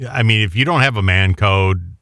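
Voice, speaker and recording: A man's voice: fairly low pitch, moderate pace, fairly bright tone, smooth, no echo. A man co-hosting a casual talk show, making his points in an emphatic, insistent way. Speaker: co-host. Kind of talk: casual chat.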